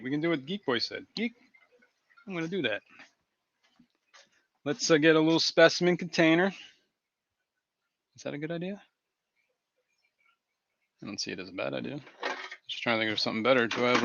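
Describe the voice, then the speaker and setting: Man, casual live-stream host, chuckling often, mid-pitched voice, dull lo-fi sound. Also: sharp tone, no room sound. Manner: giggly, keeps cracking himself up. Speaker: fishkeeping livestream host. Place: indoor fish room.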